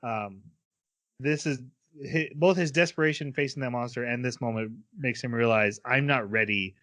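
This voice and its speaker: A man's voice: medium pitch, normal speed, fairly bright tone. A man co-hosting a casual podcast, playfully recapping episodes with frequent chuckles. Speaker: podcast co-host.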